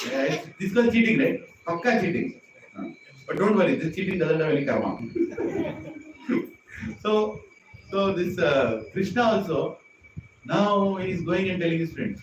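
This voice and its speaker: A man with a Hyderabad Indian English accent giving an animated, joking storytelling sermon. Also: fairly high pitch, brisk, pauses often. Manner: animated, joking, acts out voices. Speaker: preacher. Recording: echoey hall from a distance, faint noise.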